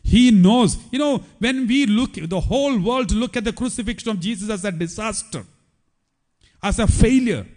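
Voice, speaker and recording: A priest preaching a sermon, with emphatic repetition. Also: male voice, sits high, normal speed, a little mellow.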